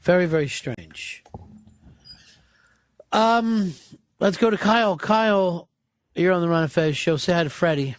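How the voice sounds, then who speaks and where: A man's voice: sits high, a little slow, pauses often, no echo. A man hosting a radio talk show from a studio, who asks dry, pointed questions and takes calls.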